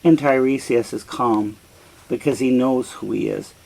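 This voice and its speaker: A middle-aged man teaching and explaining a play, deliberate and explanatory. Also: medium pitch, gravelly, darkish tone, low-quality recording. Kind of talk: slow reflective commentary.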